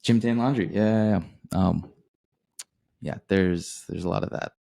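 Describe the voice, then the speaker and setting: Man, deep and gravelly, relaxed podcast chat, trails off. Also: a little slow. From Central New Jersey. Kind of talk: casual chat.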